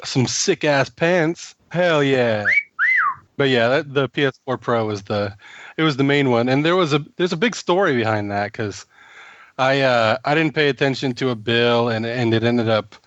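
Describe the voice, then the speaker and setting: A man's voice: mid-range voice, moderate pace, a bit bright, lo-fi sound. A man co-hosting a casual gaming podcast, stuffy from a cold, telling crude, joking stories. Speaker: podcast co-host, tattoo artist.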